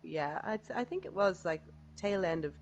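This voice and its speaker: A woman's voice: on the low side, expressive, normal speed. A woman with an Irish accent, chatting casually on a podcast in a teasing, playful way. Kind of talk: casual chat.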